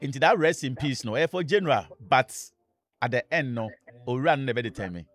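A man's voice: medium pitch, lively intonation. Man, Ghanaian accent, radio call-in host, laughs a lot, easygoing chat. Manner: laughs often, quick easy blessings.

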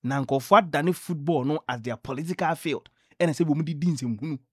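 Ghanaian male radio sports host, lively storyteller, higher pitch, dry booth. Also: fairly quick, husky, no room sound. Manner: lively storytelling, mixing in English phrases. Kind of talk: sports news radio talk.

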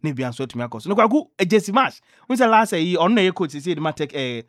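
A man with a Ghanaian accent presenting sports news on radio, telling stories in a lively way and mixing in English phrases. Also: high voice, rapid-fire, no room sound, studio quality.

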